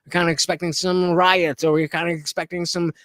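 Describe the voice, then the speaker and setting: A man's voice: fairly high pitch, flat delivery, brisk, a bit bright, no echo, clean studio sound. A man hosting a live stream, talking casually and sarcastically, swearing and mocking others with exaggerated voices. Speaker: livestream host.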